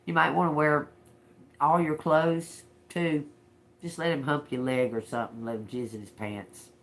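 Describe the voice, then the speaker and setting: A woman's voice: low voice, fairly even intonation, moderate pace, slight background noise. Blunt, profane woman reading tarot. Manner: blunt, profane and laughing, with folksy slang. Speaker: tarot reader. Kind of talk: live-streamed tarot reading.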